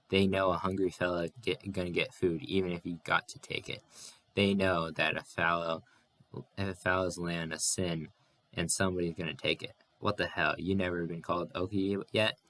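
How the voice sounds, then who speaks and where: Brief: a blunt, bitter, worn-out migrant man, read by a man, deep and drawling. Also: a bit bright. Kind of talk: audiobook character reading.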